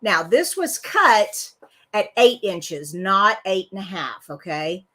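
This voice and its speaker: A woman's voice: medium pitch, sing-song, slow, a bit bright. A woman hosting a casual live card-making tutorial, chatty and rambling, often laughing.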